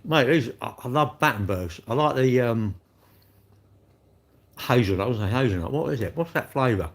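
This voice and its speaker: A man chats in a loose, cheeky ramble on a home livestream. He talks with his mouth full and answers viewers as he goes. His pitch sits in an ordinary middle range. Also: expressive, normal speed. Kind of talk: casual livestream chat while eating.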